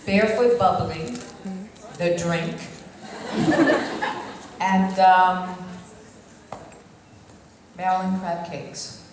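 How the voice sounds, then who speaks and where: A playful woman answering fans at a convention, loud and prone to giggling. Her voice booms around a big echoey hall, picked up from a distance. A steady hum runs underneath. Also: drawn-out words, long pauses. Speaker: actress on a fan convention panel. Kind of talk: casual panel Q&A. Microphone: handheld mic recorded by far audience camera. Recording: echoey hall recorded from far off.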